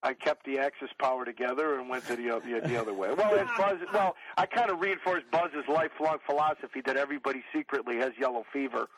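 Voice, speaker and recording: A man's voice: mid-range voice, quick pace, few pauses, a bit bright, no echo, low-quality recording. A middle-aged man, telling profane, rambling comic stories in a casual chat as a podcast guest.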